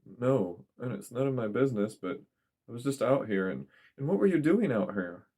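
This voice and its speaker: A man's voice: mid-range voice, expressive, moderate pace, a little mellow, breathy edge, voice pushed up. Storybook figure: a hesitant, apologetic young guy who stumbles over his words, as a male narrator voices him. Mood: flustered. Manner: hesitant, stammering. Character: awkward, apologetic young man.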